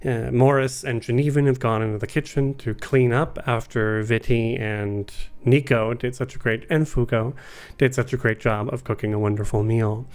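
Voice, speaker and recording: A man's voice: mid-range voice, steady tone, normal speed, a little mellow. Enthusiastic game master, chatty man. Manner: chatty, enthusiastic, rambling with restarts. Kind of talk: casual chat and game narration.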